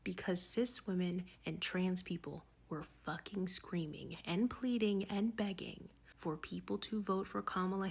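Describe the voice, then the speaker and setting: A woman's voice: on the low side, gravelly, breathy edge. A woman delivering an angry, profane, sarcastic political rant straight to her viewers. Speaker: political commentator. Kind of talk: ranting commentary to camera.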